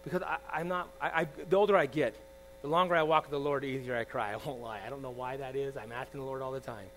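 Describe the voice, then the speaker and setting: A man in his forties preaching a sermon, swinging from loud emphatic lines to soft confiding asides, often asking the congregation "all right?". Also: medium pitch, fairly even intonation, quick pace, poor audio. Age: 40s. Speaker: pastor. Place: church. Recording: faint mains hum.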